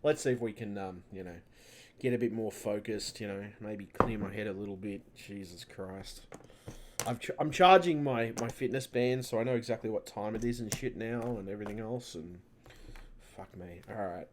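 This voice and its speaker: There's a noisy background behind this fairly low-pitched man speaking at normal speed. He's a channel host recording a casual vlog on his computer mic at home, rambling, frustrated, swearing constantly, and frequently starting over or trailing off.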